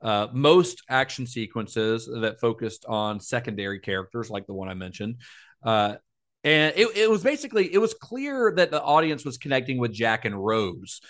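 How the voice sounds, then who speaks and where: A man's voice: medium pitch, sing-song, normal speed, a bit bright. A man co-hosting a podcast, retelling film history in a casual, informative way with asides. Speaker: podcast co-host.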